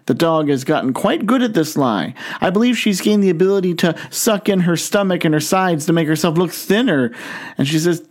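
Male pastor, fairly high voice, storytelling sermon, drawn-out words for emphasis. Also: expressive.

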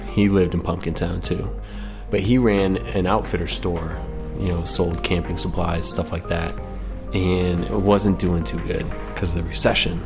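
Deep-voiced young man telling a story. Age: 20s. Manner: laid-back, rambling, self-correcting. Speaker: storyteller guest. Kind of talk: casual personal storytelling.

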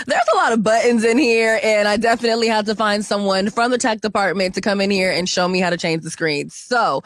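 A woman's voice: medium pitch, a little fast, dry recording. A woman hosting her own podcast from a studio, chatting casually and slangily about news and culture. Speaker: podcast host.

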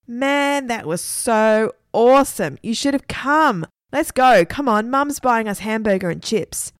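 A woman voicing a bold, sceptical young boy in a storybook reading, exclaiming loudly and dismissively. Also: on the high side, expressive, unhurried, no room sound, clean studio sound, pitched above the performer's own voice. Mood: excited.

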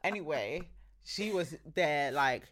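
A woman co-hosting a podcast, chatting casually and telling stories in an animated way with many restarts. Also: low-pitched, slow pace. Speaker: podcast co-host. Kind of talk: casual chat.

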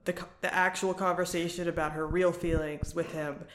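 A woman's voice: on the low side, level tone, fairly quick, reverberant, slight background noise. A woman co-hosting a casual podcast, recapping a reality show, talking frankly and swearing freely. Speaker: podcast co-host.

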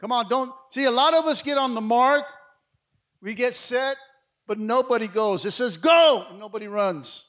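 A middle-aged man preaching a sermon, with energetic delivery that swings from loud calls to hushed asides. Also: very high voice, moderate pace. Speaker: pastor.

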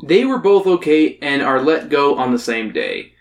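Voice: mid-range voice, sing-song, moderate pace. A podcast host summarizing a book in casual chat, laughing often and stumbling over restarts.

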